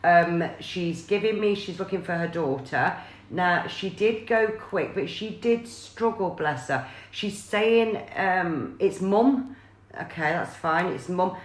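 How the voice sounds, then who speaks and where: A woman's voice: lowish voice, animated, slow, echoey room. A woman, chatting on a live stream as a psychic medium and passing on messages with many fillers and restarts.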